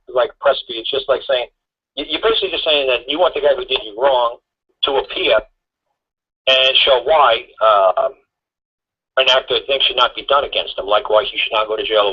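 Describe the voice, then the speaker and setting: A blunt man tells long stories on a talk radio show, swearing and circling back over his own points. His voice is husky, and the radio audio sounds dull and lo-fi. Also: medium pitch. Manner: blunt, profane, rambling storyteller.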